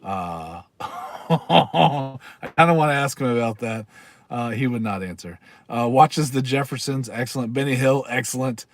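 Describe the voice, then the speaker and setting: A chatty man hosts a relaxed livestream, rambling along as he reads aloud and laughs easily. His voice sits in a middle pitch and sounds dry and close, recorded at a desk mic in a small room with almost no echo. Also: a little slow. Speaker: livestream host. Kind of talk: casual live-stream chat.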